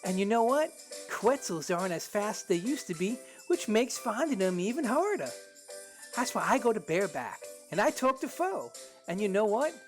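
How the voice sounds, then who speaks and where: A man's voice: high-pitched, very animated, moderate pace, soft background music, voice pushed up. A man voicing a chatty young woman customer in a comedy skit ad.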